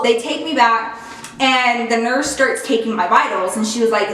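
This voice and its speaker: A woman spins a casual storytime, stringing slang and "like" after "like" in a fairly high voice. She sits well back from the mic. The room rings with heavy echo. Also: moderate pace, bright, forceful tone. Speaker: vlogger. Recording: very echoey room, far from mic.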